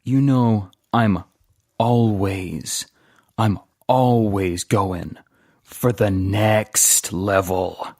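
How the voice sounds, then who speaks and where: A man's voice: fairly low pitch, fairly even intonation, very slow, a little mellow, dry recording, clean studio sound, heavily acted. A man voicing a weary, ambitious male ex-saboteur who talks earnestly and gets emotional.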